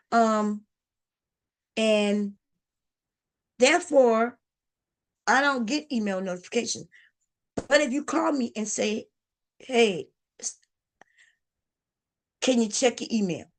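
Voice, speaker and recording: A woman hosting a casual livestream, chatting to her viewers in a talkative, repetitive way. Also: on the high side. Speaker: livestream host.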